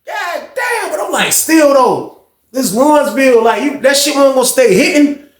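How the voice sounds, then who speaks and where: A man telling a story in a casual, animated, slangy way, with plenty of swearing. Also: very high voice, normal speed. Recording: echoey room.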